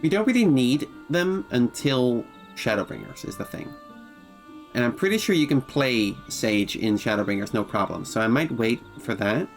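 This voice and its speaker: A man's voice: mid-range voice, expressive, normal speed, soft background music. A man streaming a game, chatting casually with viewers and reading game dialogue aloud. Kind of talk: casual game livestream chat.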